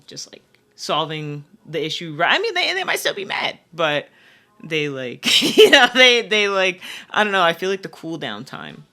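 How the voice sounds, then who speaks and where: Young woman cohost rambling casually, acts out what people said, bright tone. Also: moderate pace. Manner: animated, acts out quotes with big pitch jumps. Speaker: podcast co-host. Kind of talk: casual chat.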